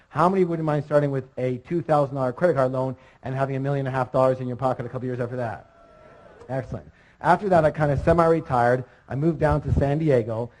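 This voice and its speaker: A man giving an energetic motivational seminar talk, calling out questions to the audience. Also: mid-range voice, low-quality recording. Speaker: seminar speaker.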